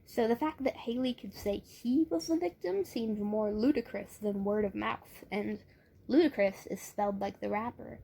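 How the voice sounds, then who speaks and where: A woman's voice: mid-range voice, moderate pace, gravelly, mellow, slight background noise. A young woman reading a novel aloud and commenting on it, chatty and wry, often stumbling and correcting herself. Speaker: book reader and reviewer. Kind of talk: casual read-aloud with asides.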